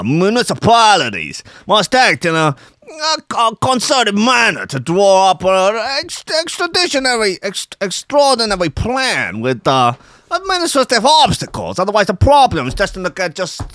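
A man voicing a blustering Italian-American mob-boss-style farm official in a hammy, halting mock accent. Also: high voice, huge pitch swings, fairly bright tone, no echo, clean studio sound, voice pushed up, exaggerated voice. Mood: hammy, urgent.

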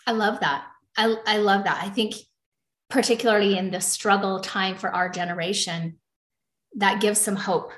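A woman's voice: mid-range voice, steady tone, moderate pace, fairly bright tone. Woman host in an echoey room. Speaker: podcast host. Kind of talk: conversational interview.

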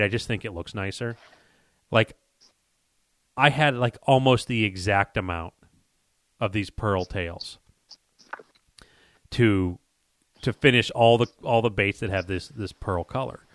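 A man's voice: on the low side, no echo, studio quality. A man hosting a casual podcast, telling a rambling story and acting out what other people said. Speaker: podcast host and lure maker.

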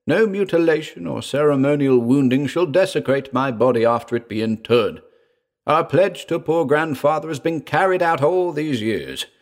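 A man voicing a young gentleman heir who is anxious and quick to exclaim. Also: fairly high pitch, creaky, pitched above the performer's own voice.

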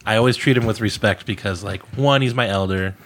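Self-mocking man telling a story, low-pitched. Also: brisk, fairly bright tone. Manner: candid, self-mocking, laughs while telling. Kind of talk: casual storytelling chat. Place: room in a house. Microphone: podcast microphone.

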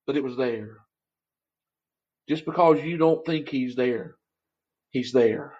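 A man preaching a sermon from home at his computer, impassioned, swinging from soft lines to rising calls. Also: fairly high pitch, moderate pace, long pauses. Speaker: pastor. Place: home room in front of a computer. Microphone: computer mic.

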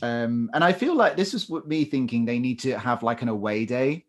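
A man's voice: mid-range voice, expressive, normal speed. A man co-hosting a podcast, chatting casually and joking about a TV show. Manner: jokey, chatty, laughs often. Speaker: podcast co-host. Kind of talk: casual chat.

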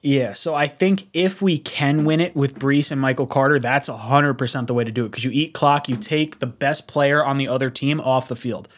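A man hosting a casual sports chat on a stream, excitable and tipsy, who swears freely and laughs a lot. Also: mid-range voice, normal speed, hardly any pauses. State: tipsy from drinks. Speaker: stream host.

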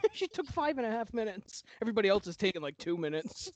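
A man guest on a podcast laughs often and makes wry jokes as he watches TV with the host. His voice is lively and full of swings, recorded dry with no room sound. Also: sits high, fast, no room sound. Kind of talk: casual chat while watching TV.

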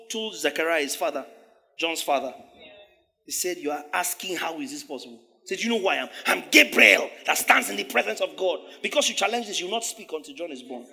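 A man preaching a sermon, animated, laughing often and acting out the voices of biblical figures. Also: sits high. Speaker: pastor.

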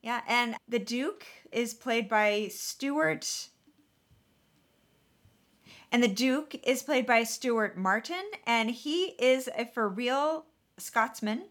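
A woman co-hosts a casual chat and rattles off actor credits with plenty of fillers. Her voice sits on the higher side. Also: expressive, slow pace, a bit bright. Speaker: podcast co-host. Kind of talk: casual chat reviewing a TV show's cast.

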